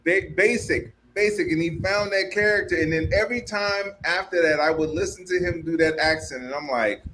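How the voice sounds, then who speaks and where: Male podcast guest, somewhat high voice, expressive, faint noise behind. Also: moderate pace, rough recording. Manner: expressive, laughs while telling stories. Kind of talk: casual podcast chat.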